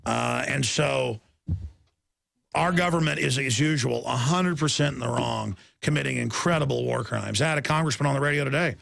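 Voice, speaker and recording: Gravelly emphatic male talk host. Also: mid-range voice, normal speed, a bit bright, no room sound. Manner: emphatic, repetitive, self-interrupting. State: tired. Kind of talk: rambling political commentary.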